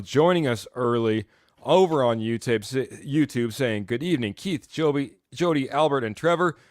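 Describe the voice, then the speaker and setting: A man's voice: mid-range voice, smooth, no room sound. An upbeat man hosting a live fan sports stream, chatting loosely and reading viewer comments aloud with easy laughs. His voice sits in a middle register, close and dry with no room sound. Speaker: host.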